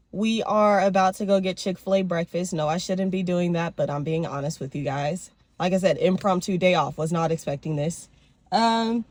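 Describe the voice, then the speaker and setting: A woman's voice: lowish voice, no echo. A young woman, chatting emotionally and casually in a personal vlog. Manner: chatty, emotional, talks to her dogs in baby talk. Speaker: vlogger.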